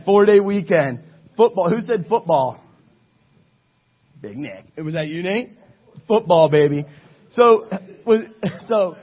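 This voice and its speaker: Husky-voiced man preaching casually. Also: fairly high pitch, lo-fi sound. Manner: joking, chatty storyteller. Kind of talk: casual sermon to a live group.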